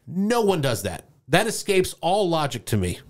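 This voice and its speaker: A man's voice: a little high, moderate pace. A man co-hosting a movie podcast, talking animatedly and acting out quoted lines in casual chat. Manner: animated, acts out quoted lines, laughs often. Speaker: podcast co-host.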